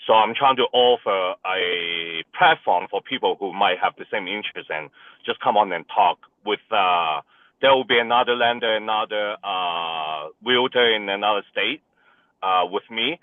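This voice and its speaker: A man with a lowish voice gives a hesitant update full of fillers. His audio sounds narrow and tinny like a phone line, and very dry. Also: normal speed, no echo. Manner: soft-spoken, hesitant, many fillers. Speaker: real estate agent on a partners call. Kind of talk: casual update.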